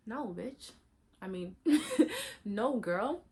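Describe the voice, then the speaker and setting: A young adult woman vlogging in a casual, candid chat while getting ready, talking in animated, slangy bursts that jump high for emphasis. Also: drawn-out words.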